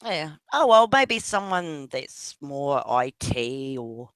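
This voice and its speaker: A woman with a New Zealand accent rambles through a casual voice chat, unhurriedly drifting from one story to the next. Her low, fairly bright voice swoops widely up and down as she swears freely and laughs often. The sound is close and dry, with no echo.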